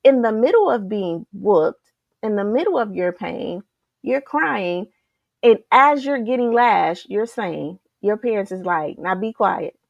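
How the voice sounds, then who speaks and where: Gravelly-voiced energetic woman coach. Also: mid-range voice, measured pace, no room sound, highs cut off. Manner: energetic, repetitive, rhetorical questions, keeps saying "you guys". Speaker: motivational coach. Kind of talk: live motivational talk to an online group.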